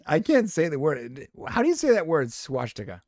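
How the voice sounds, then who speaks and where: A man's voice: on the high side, very animated, measured pace, gravelly, a little mellow, dry recording, studio quality. A man co-hosting a casual podcast chat, playful and rambling, laughing often. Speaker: podcast co-host.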